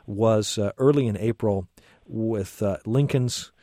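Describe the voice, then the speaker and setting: A man hosts a radio interview and asks his questions haltingly, often restarting his words. His voice is low and mellow. The studio sound is dry and close. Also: dry recording. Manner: halting, stammered restarts when asking questions. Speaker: radio talk show host.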